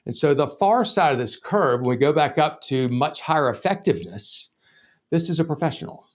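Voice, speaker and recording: A male sales trainer hosting a podcast, teaching through stories in a loose, cursing, conversational manner. His voice sits fairly high for a man. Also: big pitch swings, moderate pace. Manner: casual, profane, anecdotal. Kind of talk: storytelling lesson.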